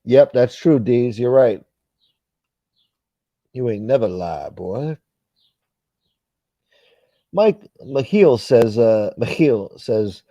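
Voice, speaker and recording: A man's voice: medium pitch, expressive, extremely slow, pauses often, mellow, dry recording, highs cut off. A man hosting a casual livestream, reading viewer comments in a blunt, profane, rambling way. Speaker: livestream host.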